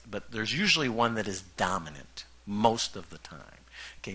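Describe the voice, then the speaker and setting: A middle-aged man preaches to his congregation in a relaxed, conversational way and keeps checking in with the room. His voice is bright and his pitch moves around a lot. It sounds like a pastor talking to his own church. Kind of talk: sermon.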